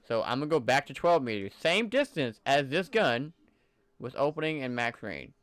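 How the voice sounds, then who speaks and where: Lively excited gamer man, dry close mic. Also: mid-range voice, normal speed, dry recording. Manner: enthusiastic, loose and conversational, fillers like "like". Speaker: gaming channel creator. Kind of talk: casual gameplay commentary.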